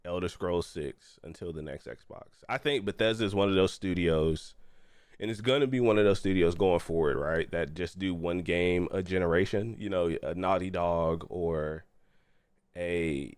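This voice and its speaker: A man's voice: deep voice, moderate pace, smooth, no echo, clean studio sound. A man co-hosting a casual gaming podcast, a little congested, asking questions in a laid-back way. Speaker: podcast co-host.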